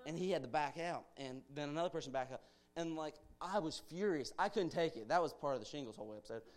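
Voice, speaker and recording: A man's voice: fairly high pitch, animated, fast talker. A young man giving an informal, earnest church sermon as a guest speaker, urging his listeners on with conversational asides.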